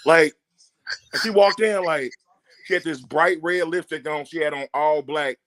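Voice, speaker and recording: Guy on a podcast telling a wild story, cussing a lot, voice sits a bit high, does all the voices. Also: a little slow. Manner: animated, profane storyteller who acts out quotes. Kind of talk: casual podcast chat.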